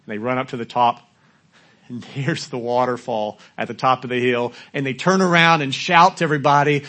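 Guy preaching a sermon, chatty, asks the room questions, medium voice, gets shouty on the quotes. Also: medium pitch, fairly quick. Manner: conversational preaching with questions to the congregation; rises to loud shouting when acting out quotes. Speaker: pastor.

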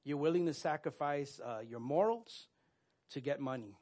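A man's voice: fairly high pitch, moderate pace, a little mellow. Earnest man preaching. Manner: earnest, with frequent fillers and restarts. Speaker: pastor. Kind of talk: sermon.

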